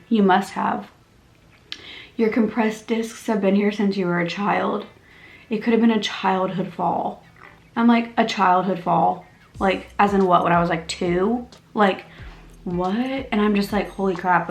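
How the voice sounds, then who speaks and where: A young woman vlogger telling a story in a casual, animated way, acting out the dialogue and filling her talk with "like.". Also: mid-range voice, creaky. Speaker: beauty vlogger. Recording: echoey room with faint music.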